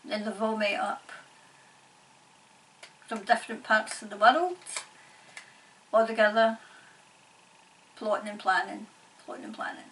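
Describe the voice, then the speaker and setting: A Scottish woman working as a psychic medium, talking in a halting, repetitive way and laughing often. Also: mid-range voice, big pitch swings, a bit bright, recorded from a distance, slight background noise, low-quality recording. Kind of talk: channelling session, casual monologue.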